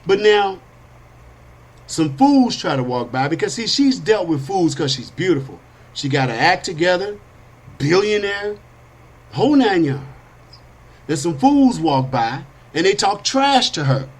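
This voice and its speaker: A man hosting a podcast, telling an animated parable in street slang, swinging between high whiny character voices and low asides. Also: unhurried, slightly rough. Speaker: podcast host. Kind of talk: storytelling monologue.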